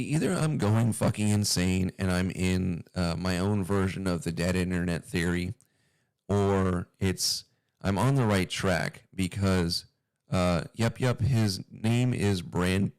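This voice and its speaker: Low, smooth male commentator with a dry close sound, casual and rambling with frequent swearing. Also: no room sound. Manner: rambling, profane, uneasy. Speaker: commentary video host.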